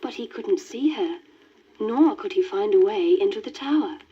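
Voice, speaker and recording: A woman reading a children's storybook aloud in a gentle, lilting manner. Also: mid-range voice, animated, moderate pace. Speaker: story reader. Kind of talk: scripted storybook narration. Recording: dull worn vinyl record with faint hiss.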